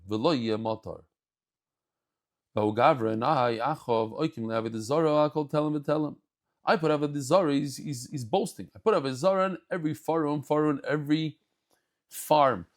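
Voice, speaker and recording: A man giving a daily Talmud lesson, telling the stories in an animated way and mixing English with Hebrew and Yiddish terms. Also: mid-range voice, moderate pace. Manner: animated storytelling, acts out scenes. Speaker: Talmud teacher.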